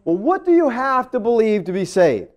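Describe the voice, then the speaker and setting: Male pastor, conversational sermon, high and lively voice, keeps asking the room "okay?", acts out the people he quotes. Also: moderate pace. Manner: conversational preaching with frequent "all right?" and "okay?" checks; acts out quoted voices with big pitch swings.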